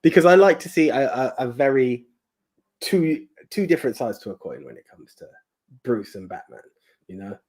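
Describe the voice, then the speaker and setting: A man's voice: mid-range voice, very animated, normal speed, darkish tone. A man co-hosting a podcast in casual chat, often stumbling and repeating words as he thinks. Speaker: podcast co-host.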